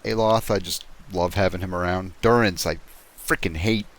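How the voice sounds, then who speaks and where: A man streaming a game, reading its narration aloud in a relaxed way and adding casual asides. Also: sits low, moderate pace.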